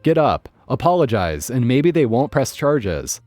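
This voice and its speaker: A man voicing a calm, deep-voiced father in a narrated story. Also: no echo, soft background music. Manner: calm, unhurried.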